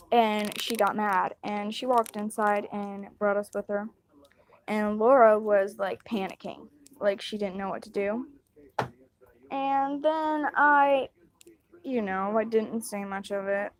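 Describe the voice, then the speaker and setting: A woman's voice: a little high, slow pace, a little mellow. A young woman casually telling a personal story, rambling and acting out what others said. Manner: rambling, retelling dialogue with quoted voices.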